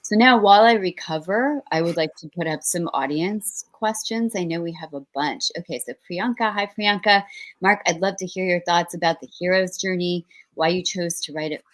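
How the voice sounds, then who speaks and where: A woman acting as guest host of an author interview. She is emotional and expressive and laughs easily. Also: on the low side, normal speed, no room sound, low-quality recording.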